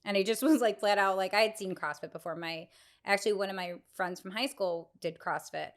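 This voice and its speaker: Woman cohosting a chatty podcast, super animated, jumps way up when she quotes people, laughs a lot. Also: fairly quick. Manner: animated storyteller, acts out quotes with big pitch jumps and laughs. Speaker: podcast co-host. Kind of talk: casual chat. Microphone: podcast microphone.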